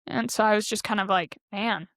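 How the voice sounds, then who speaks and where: A woman's voice: mid-range voice, steady tone, normal speed, fairly bright tone, dry recording, clean studio sound. A woman in her twenties, a podcast guest, earnestly recounting a personal story with lots of "like" fillers. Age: 20s. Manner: earnest, heavy use of "like".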